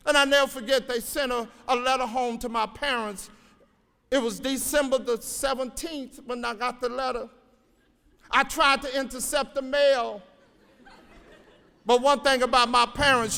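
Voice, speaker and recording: A man's voice: very high voice, gravelly, bright, forceful tone, clean tone. A man in his sixties, an educator giving a motivational graduation speech with folksy storytelling, exhorting the crowd. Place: large auditorium. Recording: reverberant hall.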